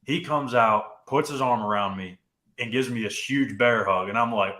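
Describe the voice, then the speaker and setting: A man's voice: on the low side, normal speed, pushed and bright, reverberant. A young man co-hosting a sports podcast, telling a story casually and often saying "dude" and "like". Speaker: podcast co-host.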